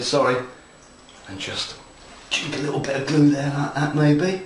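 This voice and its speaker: A man's voice: a little high, fairly even intonation, measured pace. Chatty, enthusiastic hobbyist man in an echoey room. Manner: chatty, playful and enthusiastic, talks to viewers while working. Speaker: model railroad hobby instructor. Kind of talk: casual hands-on tutorial. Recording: echoey room with faint noise.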